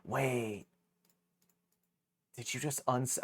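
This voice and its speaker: A livestreamer chatting casually with viewers and thanking supporters, with a teasing, playful manner that swings from low mutters to excited squeals and laughter. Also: takes it slowly, pauses often. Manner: teasing, playful banter with chat. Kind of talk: casual live-stream chat, thanking viewers.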